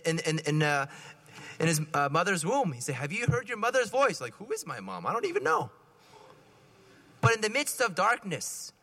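A man preaching a sermon in a conversational, animated way, acting out little scenes as he talks. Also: sits high. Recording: reverberant hall.

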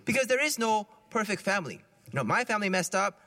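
A male priest giving a homily in a relaxed, conversational way and often laughing. His voice sits high and moves a lot, with a bright, forceful tone. Long reverb fills the church around him. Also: fast.

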